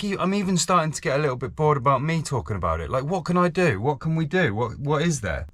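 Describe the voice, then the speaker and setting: A man's voice: medium pitch, a bit bright, dry recording. A man talking casually and earnestly to camera as a vlogger, often repeating himself for emphasis. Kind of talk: casual vlog chat.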